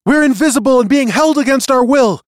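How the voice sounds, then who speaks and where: A man voicing a tiny invisible captive being who pleads for help in a shrill voice. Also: brisk, no echo, studio quality. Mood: pleading.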